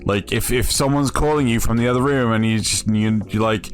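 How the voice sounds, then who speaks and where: A man hosting a casual comedy chat about anime questions, joking and animated, often jumping into high silly voices. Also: brisk, few pauses. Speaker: host answering anime questions. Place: online voice chat.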